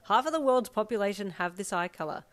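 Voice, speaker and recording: A woman's voice: fairly low pitch, animated, normal speed, soft background music, lightly acted. A woman voicing a tired, sarcastic young mother of rowdy boys, grumbling in a fanfiction reading. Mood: wry grumbling.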